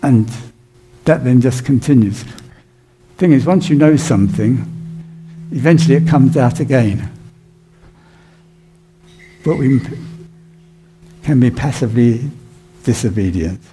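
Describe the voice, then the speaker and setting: A man's voice: medium pitch, measured pace, pauses often, warm tone, a little hiss or hum. A male pastor giving a sermon in a conversational, storytelling way. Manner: conversational storytelling with plain emphasis.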